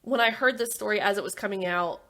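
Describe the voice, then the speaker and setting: A woman's voice: mid-range voice, quick pace, fairly bright tone. A woman co-hosting a casual true crime podcast, walking through case details in a chatty way with frequent asides. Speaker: podcast co-host.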